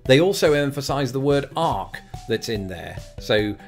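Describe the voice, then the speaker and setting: A man's voice: mid-range voice, animated, unhurried, soft background music. A young English man hosting a casual vlog, talking with wry, self-deprecating asides. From England. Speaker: YouTube host.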